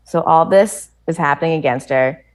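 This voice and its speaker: Animated American woman podcast guest. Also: deep voice, normal speed. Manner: animated storytelling, many "like" fillers, frequent laughter. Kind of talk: casual chat.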